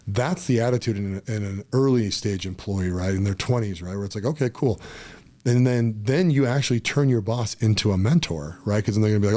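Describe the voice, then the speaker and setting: A middle-aged man in a casual podcast conversation, talking emphatically and telling animated stories. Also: mid-range voice, brisk.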